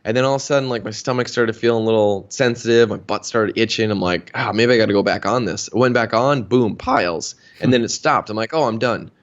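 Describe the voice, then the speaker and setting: Chatty low-voiced man telling a story. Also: fast talker, hardly any pauses, dull audio. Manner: chatty, anecdotal, many fillers. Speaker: health practitioner. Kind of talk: casual storytelling interview.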